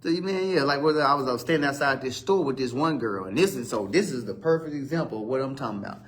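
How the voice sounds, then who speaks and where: A man's voice: mid-range voice, quick pace. Rambling, profane man telling street stories. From Virginia, USA. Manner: rambling storytelling with profanity and animated quoted outbursts. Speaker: talk show host. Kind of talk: casual live-stream monologue.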